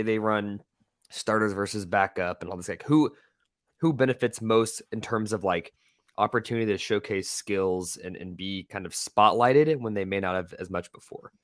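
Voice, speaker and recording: Deep-voiced man in casual podcast talk. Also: moderate pace, no room sound, studio quality. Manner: animated, asks questions. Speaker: podcast co-host. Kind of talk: casual sports chat.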